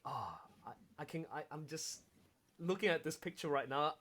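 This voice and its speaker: A man directing an audio drama, hosting a casual, excitable watch-along and laughing often as he gushes about scenes. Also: on the high side, moderate pace. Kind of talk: casual commentary chat.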